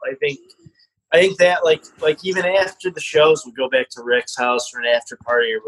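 A man's voice: on the high side, little pitch movement, a bit bright, low-quality recording. Friendly man chatting about his band. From New York State. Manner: friendly, laughing, halting with fillers. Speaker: band member. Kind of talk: casual video call interview. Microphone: video call.

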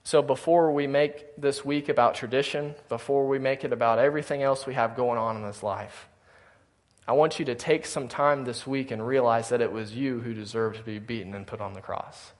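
A man's voice: mid-range voice, moderate pace. A male pastor preaching a sermon in a church, earnestly speaking to his congregation and reading scripture aloud. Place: church sanctuary.

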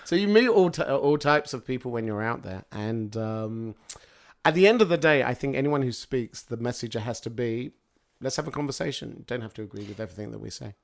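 Chatty male guest telling lively stories. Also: medium pitch, a little fast, creaky. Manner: lively anecdotal storytelling with frequent fillers. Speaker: guest speaker. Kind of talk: casual interview chat.

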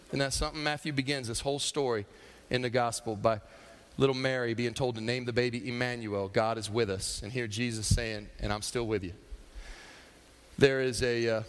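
A man's voice: mid-range voice, big-room sound. A man preaching a sermon, acting out characters' voices as he tells stories. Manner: animated storytelling, acting out voices. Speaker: pastor.

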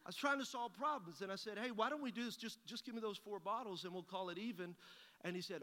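A man's voice: sits high, a little fast, pushed and bright. A man preaching a sermon as pastor, telling a folksy personal story and acting out both sides of the conversation. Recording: long hall reverb.

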